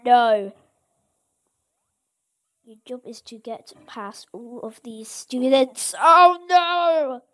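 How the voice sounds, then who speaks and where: High-voiced, excitable woman gaming. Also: takes it slowly, long pauses. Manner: excitable, exclaiming at surprises. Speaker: gaming channel host. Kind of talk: casual gameplay commentary.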